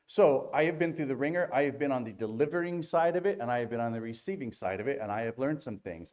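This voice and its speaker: A man giving a quick, candid industry talk on stage at a games event, with joking asides. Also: medium pitch, darkish tone. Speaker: conference speaker. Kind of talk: fast-paced industry talk.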